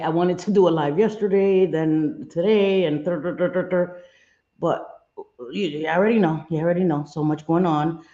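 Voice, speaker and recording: A woman's voice: on the low side, mellow, lo-fi sound. A woman hosting a casual livestream, apologetic and chatty, greeting her viewers one by one. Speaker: livestream host.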